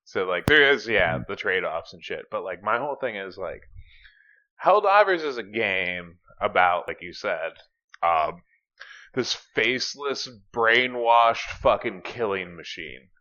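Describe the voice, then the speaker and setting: Bright, forceful man on a dull lo-fi mic. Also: lowish voice, unhurried. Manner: profane, filler-heavy, energetic. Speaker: podcast co-host. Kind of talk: casual chat.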